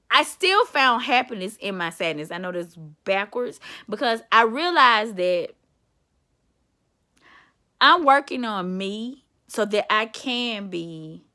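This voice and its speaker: A woman's voice: medium pitch, sharp tone. A woman motivator telling a personal story in a candid, chatty vlog, calling the listener honey and baby. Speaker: self-described motivator.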